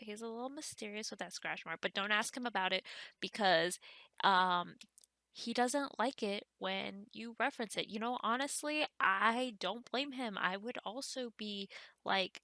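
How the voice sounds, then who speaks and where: A woman's voice: mid-range voice, creaky, bright, forceful tone, no room sound. A woman hosting a gaming channel, giving casual let's-play commentary in a chatty, rambling way as she thinks aloud.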